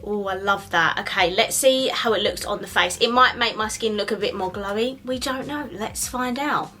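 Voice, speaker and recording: A young beauty vlogger reviews makeup, chatting and gushing as she tries each product. Her medium-pitched voice is bright and forward, moving at a normal speed with a lively, easy stream of filler words.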